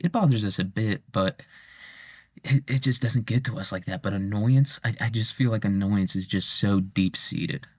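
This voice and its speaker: A man's voice: lowish voice, darkish tone, no echo, studio quality. A young man in his twenties rambling through a casual, profane monologue and laughing at his own jokes. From United States. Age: 20s. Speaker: vlogger.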